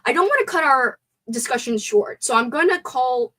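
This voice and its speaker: A woman hosting a casual live stream movie chat with a sore throat. She is chatty and excitable, and reads viewer comments aloud. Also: high voice, moderate pace, low-quality recording.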